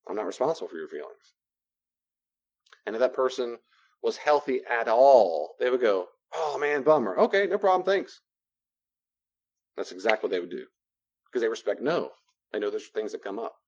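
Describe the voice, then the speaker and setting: A man's voice: on the low side, expressive, a little fast, long pauses, darkish tone, muffled recording. A man giving a conversational teaching talk on boundaries, animatedly acting out both sides of everyday dialogues. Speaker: Christian counselor teaching on boundaries.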